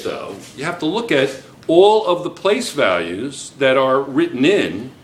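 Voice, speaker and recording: A man teaching a chemistry class, lecturing with lots of quick checks on whether students follow. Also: fairly high pitch, roomy sound. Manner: lively, keeps checking students with "yes or no?".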